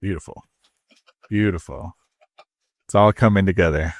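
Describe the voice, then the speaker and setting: A man's voice: deep voice, moderate pace, no room sound, studio quality. A man playing in a tabletop game, laid-back and joking with the group. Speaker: player. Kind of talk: casual tabletop game chat.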